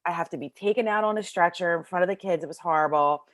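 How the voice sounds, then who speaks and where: A middle-aged woman telling a personal story as an interview guest in a casual, animated way, acting out the voices of people in it, recorded in a bedroom at home. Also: lowish voice, quick pace, no echo, studio quality. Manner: casual, lots of fillers like "like".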